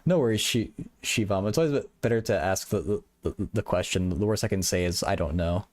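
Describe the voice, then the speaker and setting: A man's voice: deep voice, a little fast, a little mellow, dry recording, clean studio sound. A young man hosting a livestream, chatting casually with viewers, stuttering and repeating words, from a small apartment bedroom. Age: young adult. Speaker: livestream host.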